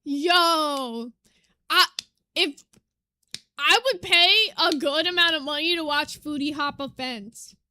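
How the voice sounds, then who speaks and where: High, bright-voiced woman doing blunt commentary. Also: takes it slowly, slight background noise. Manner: blunt, swears casually, frank asides. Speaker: commentary channel host. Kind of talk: reaction commentary.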